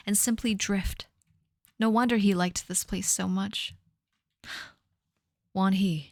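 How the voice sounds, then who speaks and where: Reading her teenage fanfiction on a live stream, this thirtysomething woman keeps interrupting herself to laugh at the writing and add theatrical, mock-serious comments. She talks at a medium pitch, slowly and with long pauses, in a dry recording.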